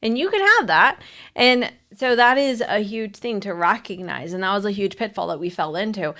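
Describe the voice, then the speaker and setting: A woman's voice: mid-range voice, normal speed, pushed and bright. A woman marriage coach talking candidly and telling a story with animation in a casual podcast chat.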